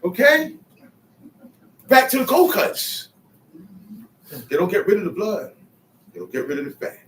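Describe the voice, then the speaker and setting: With a high voice whose pitch swoops wildly, a man speaks at a measured pace while teaching scripture to a small group. He preaches emphatically, acts out quotes, and calls on listeners, in an echoey recording made with a distant mic and faint noise.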